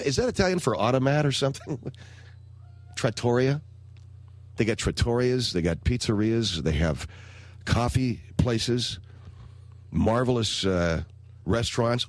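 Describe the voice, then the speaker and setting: A man hosts a radio show, rambling in an exasperated, sardonic voice. He speaks close to a studio mic, and the sound is bone-dry. His pitch sits in a middle register. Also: expressive, moderate pace, dry recording. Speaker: radio talk show host. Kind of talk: comedic radio monologue.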